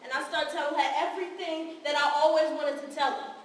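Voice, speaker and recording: Woman acting a defiant hurt young woman, high voice, raw and confrontational, live stage, super echoey far-off hall. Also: fairly even intonation, a little fast, a little hiss or hum, close to an everyday voice. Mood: defiant, angry. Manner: raw and confrontational, with bursts of bitter laughter. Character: wounded, defiant young woman confessing to her counselor. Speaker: stage actor. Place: theater stage. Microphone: distant room mic.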